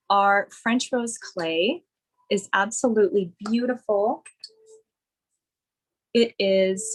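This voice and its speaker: A woman esthetician leads a skincare demonstration, gushing with enthusiasm over each product. She speaks very slowly at an ordinary pitch. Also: fairly bright tone, rough recording.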